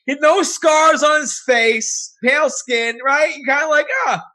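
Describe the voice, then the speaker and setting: A man's voice: extremely high pitch, unhurried, sharp tone. A man hosting a podcast, rambling through anecdotes and acting out quotes in casual chat. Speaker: podcast host.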